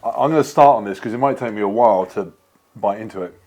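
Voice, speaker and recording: A man's voice: on the low side, quick pace, a little mellow, faint music behind. Playful man taste-testing food. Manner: playful, chatty, joking. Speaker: vlogger host. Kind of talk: casual food taste-test chat.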